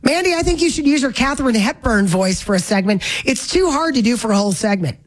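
A chatty woman hosts a talk radio show, reading listener texts in a wry, casual way. Her voice sits fairly high, and she fires off quick asides. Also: lively intonation.

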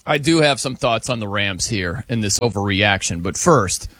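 A man hosting a casual sports talk show, animated and emphatic, laughing often. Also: fairly low pitch, normal speed, no echo.

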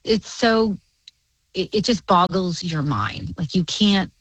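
A woman journalist guesting on a radio show, telling a story in an animated way with quick laughs. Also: fairly low pitch, husky, dry recording, poor audio. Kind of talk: casual radio interview.

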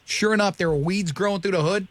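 A man's voice: high voice, quick pace, a bit bright. A man hosting a radio show, joking and laughing as he reads silly made-up phrases. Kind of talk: casual radio banter.

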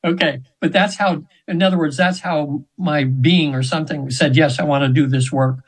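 A man in his seventies, a radio guest, telling a long rambling story with restarts and frequent throat-clearing. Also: fairly high pitch, fairly even intonation, normal speed, poor audio. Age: 70s.

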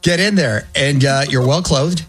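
Brisk, husky radio host man. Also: a little high, soft background music. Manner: brisk, energetic host patter. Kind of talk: upbeat radio interview.

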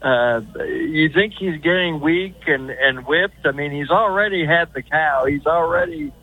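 A man from the Kansas City area calling in as a regular to a sports talk show, rambling and halting, repeating himself. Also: fairly high pitch, expressive, husky. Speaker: regular caller. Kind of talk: phone-in call. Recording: tinny phone line.

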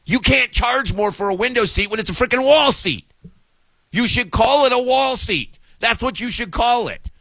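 A man's voice: sits high, fairly bright tone, no echo. A middle-aged man ranting with sarcastic exasperation in a casual monologue.

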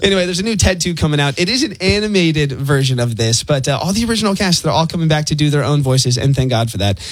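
A man's voice: fairly high pitch, expressive, fast, no echo, low-quality recording. A man hosting a radio show, reading entertainment news and laughing at himself in easygoing banter. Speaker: radio host.

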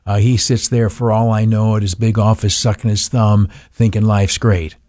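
A man's voice: on the low side, little pitch movement, moderate pace, darkish tone, dry recording, clean studio sound. An older man hosting talk radio, rambling with many fillers and turning blunt and indignant. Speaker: radio talk show host.

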